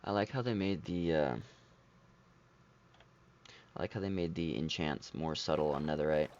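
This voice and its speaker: Deep gravelly man narrating his gameplay. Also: moderate pace, darkish tone, highs cut off. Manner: rambling, talks to himself while playing. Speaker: let's play host. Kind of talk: casual gameplay commentary.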